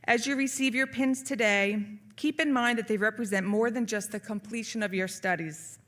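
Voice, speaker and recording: A woman's voice: a little high, normal speed, fairly bright tone. Earnest woman giving a ceremony speech. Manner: earnest, emotional, inspirational. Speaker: nursing faculty speaker. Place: event hall.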